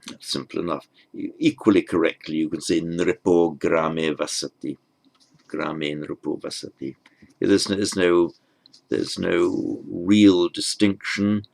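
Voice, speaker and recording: A man's voice: low-pitched, steady tone, unhurried, vocal fry, a little mellow. A man giving a patient step-by-step language lesson, spelling out terms carefully with frequent ums and small restarts. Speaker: Sanskrit teacher.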